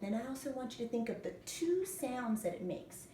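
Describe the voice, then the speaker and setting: Woman teacher, patient, spells letters out for little ones; mellow tone, faint room ambience behind. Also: fairly high pitch, sing-song, moderate pace, a little hiss or hum. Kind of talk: recorded classroom lesson for young children. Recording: echoey room, mic at a distance.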